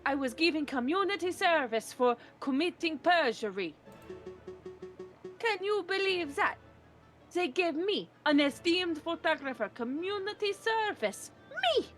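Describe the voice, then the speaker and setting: A woman voicing a vain, touchy male photographer from a game with a put-on Italian accent and a lively, indignant delivery. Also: extremely high pitch, measured pace, faint music behind, exaggerated voice. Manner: indignant and boastful. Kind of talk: reading a game aloud on stream.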